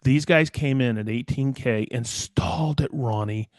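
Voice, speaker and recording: A man's voice: medium pitch, measured pace, dry recording, studio quality. A middle-aged man co-hosting a casual podcast chat, telling stories and acting out the people in them with big jumps in his voice. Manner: animated storyteller who acts out quoted dialogue. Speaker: podcast co-host, woodworker.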